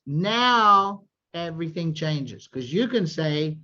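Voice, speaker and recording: A man in his sixties hosting a group video call, giving an energetic sales pitch and often asking "right?". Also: normal speed. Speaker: host of a sales presentation call. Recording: dull lo-fi video call audio.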